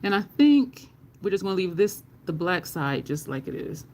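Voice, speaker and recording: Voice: medium pitch, big pitch swings, normal speed, darkish tone. A makeup livestream host chatting casually with viewers while applying makeup, laughing often and cursing now and then in conversation.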